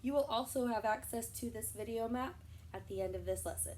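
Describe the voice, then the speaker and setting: A woman teaching a recorded music lesson for young children, explaining terms slowly and patiently. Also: a little high, a little mellow, recorded from a distance, slight background noise.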